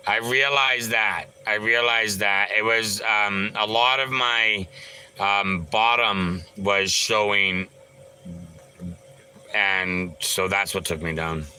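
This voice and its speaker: Slow, bright-voiced man streaming. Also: on the low side, fairly even intonation, clean tone, poor audio. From Canada. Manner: rambling, loose and swearing, many filler sounds. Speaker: livestreamer. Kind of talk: casual live-stream chat, answering viewers.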